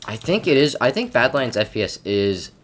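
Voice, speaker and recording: A man's voice: medium pitch, big pitch swings, normal speed, slight background noise. A man from Canada giving casual gameplay commentary at his computer, rambling and stammering with lots of repeated words and self-mocking asides. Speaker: gaming commentator.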